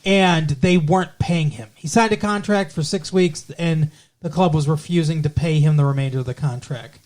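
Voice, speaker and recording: A man co-hosting a podcast, recapping a TV show in casual chat with animated, profane ranting and lots of fillers. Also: fairly high pitch, normal speed. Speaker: podcast co-host.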